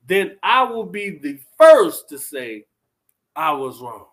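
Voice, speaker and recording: Blunt animated man chatting to viewers. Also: fairly high pitch, slow, a little hiss or hum. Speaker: vlogger reacting to live chat. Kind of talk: casual commentary on a live stream.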